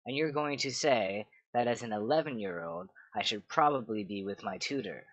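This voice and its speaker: A man's voice: lowish voice, moderate pace, fairly bright tone, no echo, close to an everyday voice. A man voicing a precocious eleven-year-old boy king who talks petulantly and enunciates with care, in a dull, dry recording.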